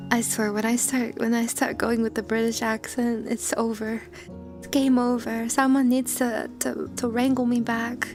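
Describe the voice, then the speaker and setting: High-voiced giggly woman streamer. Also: level tone, a little slow, darkish tone, faint music behind. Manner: giggly, greets chatters by name. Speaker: VTuber streamer. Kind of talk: casual livestream chat.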